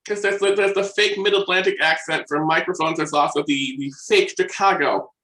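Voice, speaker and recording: Bright-voiced man in an echoey room. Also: high-pitched, brisk. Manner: enthusiastic, checks his notes, trails off mid-thought. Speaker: podcast co-host. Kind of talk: casual chat.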